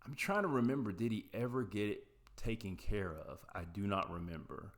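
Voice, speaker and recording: A man's voice: fairly low pitch, expressive, normal speed. A man with an Appalachian accent, casually telling a personal story, rambling and correcting himself as he goes. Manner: rambling, self-correcting, trails off quietly. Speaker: podcast host.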